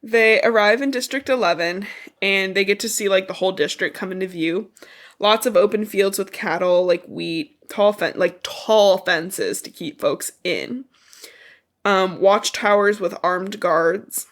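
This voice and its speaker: A woman's voice: mid-range voice, unhurried. A woman with a stuffy, congested voice, recapping a book for a podcast in a rambling way, swearing often. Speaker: podcast co-host. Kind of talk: casual book recap chat.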